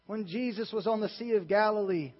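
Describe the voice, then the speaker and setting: Young male youth pastor, fervent preacher, high voice, muffled sound in a big echoing hall. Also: brisk, husky. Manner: passionate, emphatic preaching with many restarts. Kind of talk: sermon. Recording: dull sound with long reverb in a large hall.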